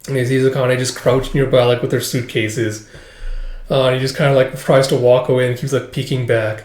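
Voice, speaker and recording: A man's voice: medium pitch, little pitch movement, brisk, darkish tone. A man casually recapping a manga chapter, rambling and full of filler words. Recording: echoey room.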